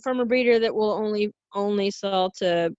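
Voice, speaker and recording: A woman pet nutritionist talking casually on a podcast, passionate and animated, often restarting her sentences. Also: medium pitch, normal speed, no room sound, dull audio.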